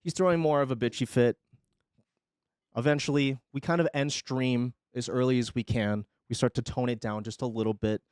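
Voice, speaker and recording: A man streaming, telling his chat a story in a casual, animated way, swinging between loud and quiet and swearing freely. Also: medium pitch, moderate pace, clear, resonant tone, no room sound, studio quality.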